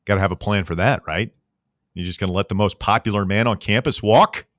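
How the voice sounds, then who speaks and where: Joking sports radio host. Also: male voice, fairly low pitch, fairly quick, no room sound, clean studio sound. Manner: rambling, jokey, self-deprecating. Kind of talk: casual sports talk radio. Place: radio studio. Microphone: studio microphone.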